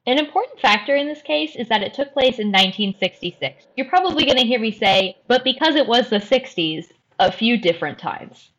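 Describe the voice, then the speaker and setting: A woman hosting a podcast and telling a true crime story in a careful, measured way. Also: a little high, lively intonation, a bit bright, dull audio. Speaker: host.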